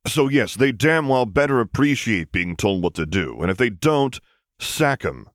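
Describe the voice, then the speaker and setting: A blunt second-in-command engineer, exasperated and flatly direct, as a man reading an audiobook voices them. The voice sits low and deep, and every word comes out dry and matter-of-fact. The recording is close and dead, with no room sound. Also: normal speed, no room sound, lightly acted. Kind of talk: audiobook reading of fan fiction.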